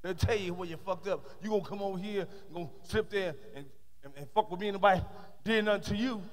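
A middle-aged man doing a loud, profane stand-up comedy set on a large theater stage, shouting his punchlines. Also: high voice, fast talker. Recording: live concert hall reverb.

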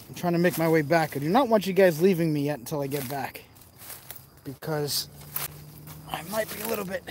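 A man's voice: on the high side, brisk, long pauses, a little mellow, slight background noise. A man vlogging while he explores outdoors, joking around and talking straight to his viewers as he films on a handheld phone. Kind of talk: casual vlog commentary while exploring. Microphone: handheld phone camera.

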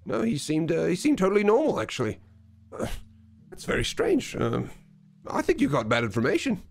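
A man's voice: on the high side, huge pitch swings, brisk, vocal fry, faint music behind. A man playing his character in a tabletop game, hesitant, with many fillers. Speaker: player. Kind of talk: tabletop role-play in character.

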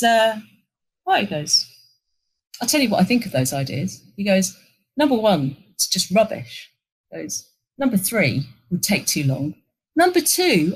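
A middle-aged woman, telling an animated work anecdote in an interview and acting out the lines of the people in it. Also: mid-range voice, husky, low-quality recording. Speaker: interview guest, agency executive. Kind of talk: conversational storytelling.

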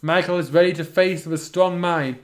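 A man's voice: high voice, fairly even intonation, a little fast. A man reading a fan story aloud and breaking off for sarcastic comments on the writing. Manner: sarcastic, interrupts the reading with wry remarks. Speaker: reader and commentator. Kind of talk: reading fan fiction aloud with snarky asides.

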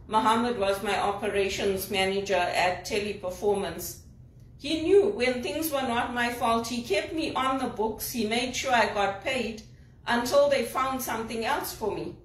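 A woman from Zimbabwe, an executive assistant, giving an indignant, emphatic vlog monologue. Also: on the high side. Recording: roomy, distant from the mic.

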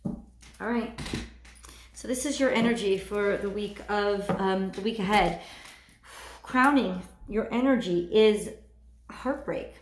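A woman doing a weekly tarot card reading, talking in a halting way and searching for her words. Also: mid-range voice, echoey room, slight background noise. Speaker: tarot reader.

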